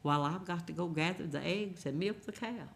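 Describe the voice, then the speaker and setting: A singer-songwriter, telling a folksy, gentle story between songs at a live songwriters' round, with unhurried pauses. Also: medium pitch, gravelly.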